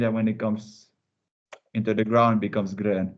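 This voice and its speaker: A man's voice: lowish voice, flat delivery, moderate pace. A man co-hosting a casual language discussion, patiently explaining how words are built. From Finland. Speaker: co-host. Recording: dull lo-fi recording.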